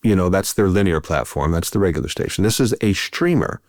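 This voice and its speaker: A man's voice: sits low, lively intonation, brisk, darkish tone, no room sound, studio quality. A man, an actor guest, telling stories in a casual, rambling way with restarts and fillers. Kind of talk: casual conversational storytelling.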